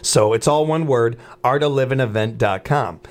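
A man hosting a morning radio show in a relaxed, chatty, rambling way from a studio. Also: mid-range voice, normal speed. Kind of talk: casual radio chat.

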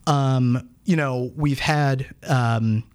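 A man in his thirties from the Pittsburgh area, a guest on a radio talk show. He rambles along at an ordinary pitch, filling pauses with plenty of "uh"s and "you know"s. He pokes gentle fun at himself as he goes. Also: smooth. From Pittsburgh area, Pennsylvania. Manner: rambling, self-deprecating, lots of fillers. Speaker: academic guest. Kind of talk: casual radio interview.

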